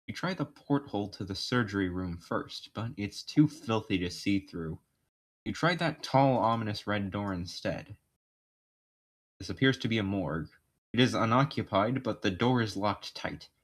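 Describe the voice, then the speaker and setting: A man streaming, reading second-person narration aloud with joking asides, his voice slightly worn. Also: on the low side.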